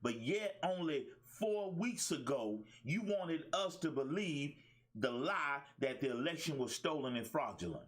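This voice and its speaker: Man, talk show host, life coach, preachy monologue, emphatic repetition, lively pitch. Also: unhurried. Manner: preachy, emphatic, repeats phrases; colloquial, casual speech.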